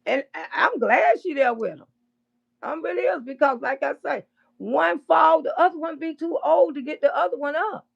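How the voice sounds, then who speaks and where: A woman doing casual livestream commentary, blunt and profane, with loud bursts of laughter. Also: sits high, moderate pace, creaky, dull audio.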